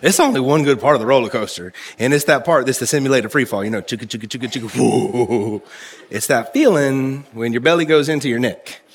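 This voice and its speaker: A male preacher in the middle of a church service, speaking at an ordinary middle pitch. He preaches in a folksy, storytelling way, with jokes and direct questions to the congregation. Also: lively intonation, quick pace, hardly any pauses. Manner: conversational, addresses congregation directly. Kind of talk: sermon.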